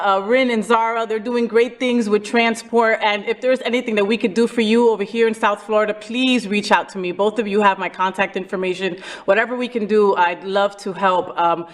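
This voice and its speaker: A woman hosting a talk show, talking in a casual, animated and playful way with lots of emphasis. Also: mid-range voice. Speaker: host.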